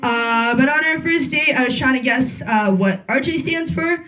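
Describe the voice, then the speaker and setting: Deadpan woman doing stand-up. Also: sits high, moderate pace. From Russia. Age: 20s. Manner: deadpan, rambling with filler words. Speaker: stand-up comedian. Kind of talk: stand-up set at an open mic. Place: small bar at an open mic. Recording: echoey room.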